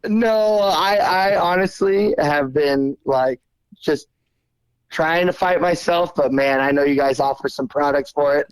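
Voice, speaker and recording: A man's voice: on the high side, a little slow, clear, resonant tone, no echo, poor audio. A man guesting on a podcast as a race champion, answering easygoingly with lots of fillers and laughs. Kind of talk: casual interview answers.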